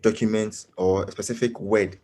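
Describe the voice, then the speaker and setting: Deep, halting male coding teacher. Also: flat delivery, dark tone, a little hiss or hum. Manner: halting, many fillers, keeps asking "you understand?". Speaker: coding instructor. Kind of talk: live online coding lesson.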